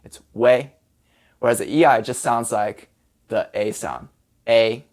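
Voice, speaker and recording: A language teacher giving a casual, friendly pronunciation lesson, slowly sounding out syllables step by step. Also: mid-range voice, darkish tone. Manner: casual and friendly, with fillers like "kind of" and "like".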